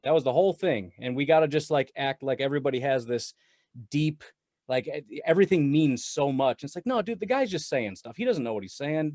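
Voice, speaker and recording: A man talking sports as a guest on a casual podcast, animated and rambling with frequent laughs. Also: mid-range voice, no echo, studio quality. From Wisconsin. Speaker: guest Packers commentator.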